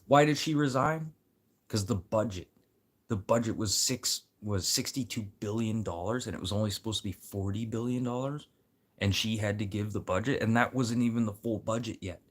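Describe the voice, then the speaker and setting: A man's voice: fairly low pitch, moderate pace. A man from Manitoba, ranting casually and bluntly, full of swearing and rambling asides. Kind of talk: casual rant.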